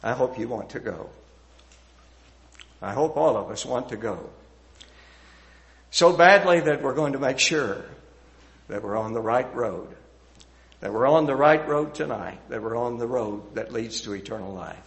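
A man's voice: mid-range voice, lively intonation, unhurried, pauses often. Earnest male preacher. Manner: earnest, rising to emphatic lists and hushed endings. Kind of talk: sermon.

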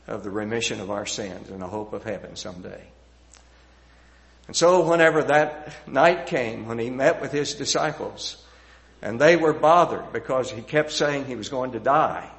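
A middle-aged man preaches with earnest conviction. His voice climbs through emphatic lists, then drops to a quiet, hushed close at the end of each thought. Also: medium pitch. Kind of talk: sermon.

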